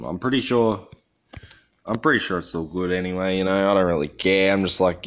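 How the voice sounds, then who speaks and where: A man's voice: deep voice, fairly even intonation, moderate pace, highs cut off. An Australian man hosting a livestream, talking in a rambling, profane, joking way. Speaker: livestream host. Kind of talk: casual livestream chat.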